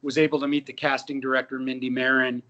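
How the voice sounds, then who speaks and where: A man in his fifties, an actor and musician, telling lively anecdotes with quoted dialogue in a casual interview. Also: mid-range voice, fast talker, lo-fi sound.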